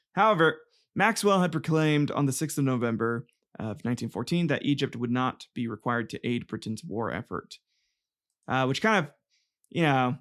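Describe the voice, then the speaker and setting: A man's voice: mid-range voice, a bit bright. A man hosting a casual comedic history podcast, rambling and joking, swearing and tripping over names. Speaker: podcast host.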